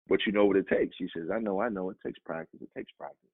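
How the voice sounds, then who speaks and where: A Chicago actor, appearing as a guest, tells personal stories in conversation and acts out the voices of the people in them. He is animated and fast, jumping suddenly in pitch for quoted voices, and the recording sounds dry and narrow, like a phone.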